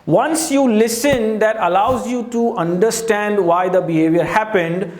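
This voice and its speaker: A man's voice: high-pitched, unhurried, darkish tone, roomy sound. A man giving a life-coaching talk at a teaching board, earnest and direct, often saying "you know".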